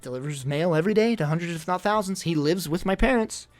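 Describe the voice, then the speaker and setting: A man's voice: on the high side, fast talker, soft background music. A young man venting in casual livestream chat, rambling and exasperated, full of fillers.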